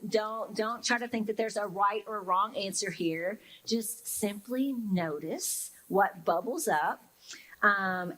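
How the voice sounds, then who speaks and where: A woman's voice: medium pitch, a bit bright, rough recording. A young woman pastor giving a casual, reflective sermon, with lots of fillers and talking to her listeners as if in conversation. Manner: casual and reflective, many fillers, acts out listeners' inner reactions.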